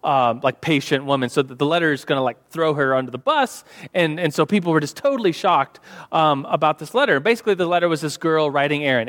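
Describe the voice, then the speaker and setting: A man's voice: fairly high pitch, lively intonation, fast talker, fairly bright tone. A young man teaching a church Sunday school class in a casual, chatty way, full of fillers and restarts. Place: church hall. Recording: long hall reverb.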